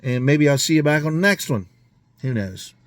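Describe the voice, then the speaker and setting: A man's voice: on the high side, lively intonation, normal speed, no echo. Grumbling, foul-mouthed man in a garage. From United States. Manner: angry, swears constantly, grumbling. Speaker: garage vlogger. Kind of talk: casual profane rant to camera. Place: home garage.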